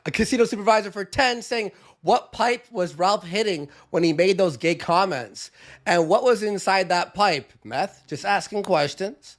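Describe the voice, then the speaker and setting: High-voiced man reading stream donations. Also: unhurried. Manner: reads out donation messages with frequent laughs and fillers. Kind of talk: casual livestream chat.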